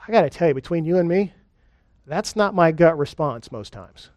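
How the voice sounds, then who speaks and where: A male pastor giving a sermon, earnest and conversational, slowing down for lists and key points. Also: on the high side, lively intonation, a little mellow, no echo. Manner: earnest, conversational preaching with deliberate pauses and lists. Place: church.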